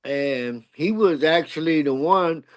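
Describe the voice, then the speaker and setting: An older man talking slowly in a fairly high voice. He cuts in politely to share a story of his own, and the recording is close and dry. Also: dry recording. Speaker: panel guest, dance pioneer. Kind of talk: casual panel conversation.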